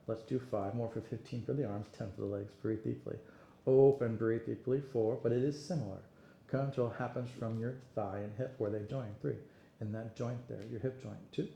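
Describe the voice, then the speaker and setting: A man leading an exercise class, counting reps and giving steady encouragement and cues. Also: medium pitch, brisk, gravelly. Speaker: fitness instructor. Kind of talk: guided exercise class cueing. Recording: roomy echo, faint room noise.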